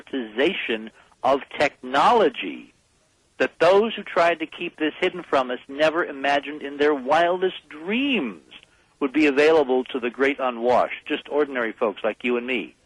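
A man talks as a guest on a radio call-in show, pressing his points with urgent emphasis. His voice sits at an ordinary pitch and comes through a dry broadcast sound with no room echo. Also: expressive, normal speed, slightly rough. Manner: emphatic, urgent, rallying the audience.

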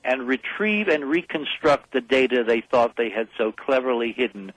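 A man's voice: medium pitch, moderate pace, a bit bright, no echo, poor audio. A man as a guest on a call-in radio show, speaking emphatically and urgently, rallying the listeners.

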